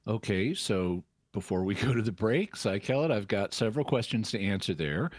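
A man with a very deep voice answers listener questions on a call-in radio show. He explains things in a measured, teacherly way and sometimes restarts a sentence. The sound is dry and close. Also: lively intonation, dry recording.

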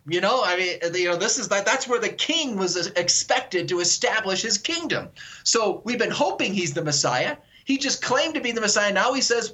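An earnest man talks on a radio call-in interview, explaining with animated enthusiasm. His voice sits slightly high and sounds bright and forceful, with frequent restarts and repeated words. He comes across as a guest author eager to make his point. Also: normal speed.

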